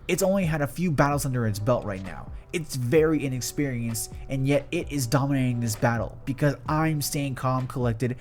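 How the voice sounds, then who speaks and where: A man voicing a young male hero trainer, calm and earnest, who barks battle commands and lectures steadily. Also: mid-range voice, lightly acted.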